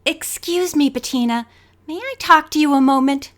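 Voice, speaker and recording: A woman's voice: high-pitched, normal speed, natural voice. A woman voicing a polite but pushy teenage girl model contestant. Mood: pleading. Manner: sweetly polite.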